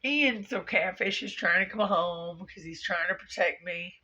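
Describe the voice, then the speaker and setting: A woman's voice: a little slow, sharp tone. A tearful woman vlogging confessionally, blunt, profane and rambling. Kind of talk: confessional vlog. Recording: lo-fi low-quality video recording.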